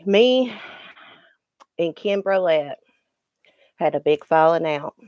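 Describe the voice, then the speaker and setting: A woman's voice: low voice, steady tone, measured pace, darkish tone, no room sound, clean studio sound. A middle-aged woman, chatting emotionally and ramblingly to viewers in a morning live stream, recorded on her phone.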